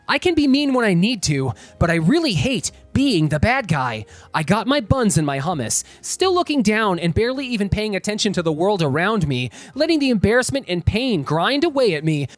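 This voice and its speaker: Lively, expressive male story reader. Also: sits high, no room sound. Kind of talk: reading online stories aloud with commentary. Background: faint background music.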